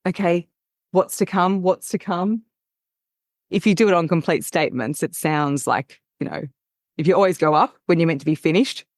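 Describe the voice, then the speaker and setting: Expressive woman voice coach. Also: lowish voice, dry recording, studio quality. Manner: expressive, teacherly, emphatic. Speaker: voice coach guest. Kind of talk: casual podcast chat.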